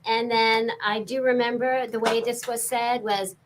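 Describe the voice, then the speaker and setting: A woman's voice: a little high, little pitch movement, measured pace, a little hiss or hum. Chatty older New York woman. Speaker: voice actor. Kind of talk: chatty convention Q&A.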